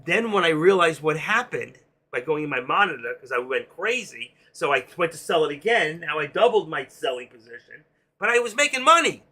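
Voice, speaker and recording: A man hosting a live trading stream, explaining options and telling animated, excitable stories about his own trades, swearing casually. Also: fairly high pitch, a little fast. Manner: explains while drawing on a chart.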